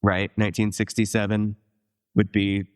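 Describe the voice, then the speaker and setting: A man with a very low voice chats casually as a podcast co-host. He rambles through long, enthusiastic explanations full of asides. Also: monotone, moderate pace, smooth. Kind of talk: casual chat.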